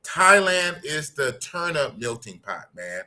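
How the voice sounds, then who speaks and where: Podcast host: man, middle-aged, bright and forceful, a little high, blunt slangy talk. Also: sing-song, slow pace. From United States. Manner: blunt, slangy, repeats his points. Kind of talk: casual podcast talk reading live chat.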